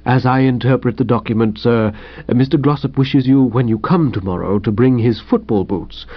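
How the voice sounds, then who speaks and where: A man reading the part of a deferential middle-aged male valet, measured and unruffled. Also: mid-range voice, highs cut off, lightly acted. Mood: imperturbable.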